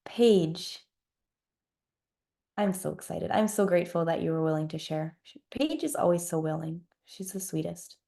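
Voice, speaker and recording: A woman's voice: fairly low pitch, animated, normal speed, vocal fry, dark tone. A woman on a team call speaking in an earnest, reflective and encouraging way. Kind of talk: personal testimony on a team call.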